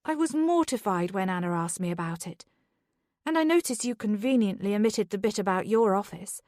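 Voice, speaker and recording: A woman's voice: medium pitch, expressive, a little fast, a little mellow, no room sound, clean studio sound, lightly acted. A woman voicing a drunk, furious wife. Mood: drunk, angry. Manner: heated, slurred and defensive.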